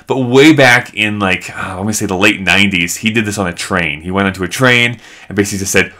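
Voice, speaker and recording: A man hosting a live stream, telling a story in an animated, chatty way full of "like". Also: deep voice, quick pace. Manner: animated, chatty, heavy use of "like".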